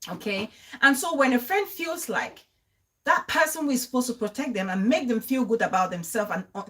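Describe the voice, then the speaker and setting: A woman's voice: a little high, a bit bright. A young woman hosting a casual live-stream talk, chatting and repeating phrases for emphasis. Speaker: show host.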